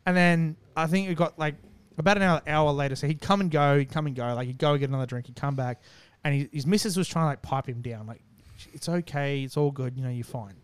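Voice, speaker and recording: A man's voice: on the high side, fast talker, smooth, no echo. A man casually telling a long, profane story and acting out what people said. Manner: animated, profane, acts out quotes.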